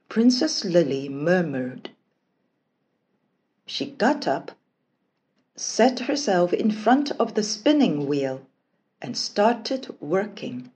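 A woman narrates a fairy tale in a slow, deliberate bedtime-story reading. Her pitch moves freely and expressively across each sentence, and she takes plenty of time over every phrase. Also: very animated, a little mellow.

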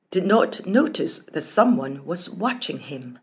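A woman narrating a children's storybook in a slow, expressive, careful reading voice. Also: on the low side, breathy edge, lo-fi sound.

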